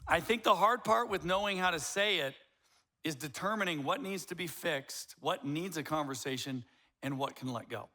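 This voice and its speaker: A middle-aged man preaching a sermon as pastor, animated and acting out quoted voices. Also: on the high side, moderate pace.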